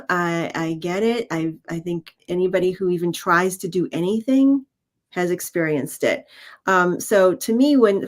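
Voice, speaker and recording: A woman co-hosting a spiritual livestream and reading cards in casual chat over a video call, laughing easily and talking in halting phrases. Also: fairly low pitch. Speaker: co-host and card reader.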